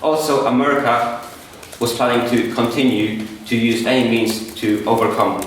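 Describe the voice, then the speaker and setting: A man's voice: medium pitch, steady tone, normal speed, a little hiss or hum. A man giving an earnest debate speech, often stopping to restart his words, in a large chamber. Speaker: debate speaker. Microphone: far room mic. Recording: echoey hall from far off.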